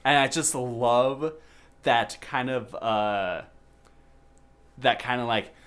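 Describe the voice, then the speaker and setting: Guy rambling on a podcast, lots of uhs and likes, mid pitch. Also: takes it slowly, fairly bright tone, clean tone. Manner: rambling, lots of fillers and restarts. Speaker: podcast host. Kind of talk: casual chat about a movie.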